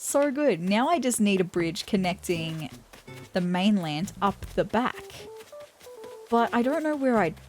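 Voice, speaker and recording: An Australian woman hosting a let's-play video, commenting in a gushing, excitable way. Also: mid-range voice, unhurried, faint music behind. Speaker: gaming channel host.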